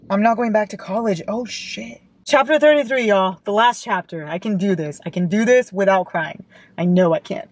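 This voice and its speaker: A woman's voice: on the low side, a little mellow. A young American woman in her twenties, a book vlogger reading aloud and reacting with emotional, gushing outbursts, often crying, in a parked car.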